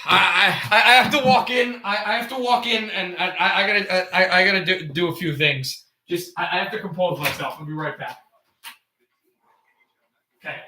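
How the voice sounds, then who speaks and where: A man's voice: high voice, moderate pace, sharp tone, roomy sound, a little hiss or hum, low-quality recording. A young man from the United States giving casual play-by-play hockey commentary on a livestream, often stammering and repeating words.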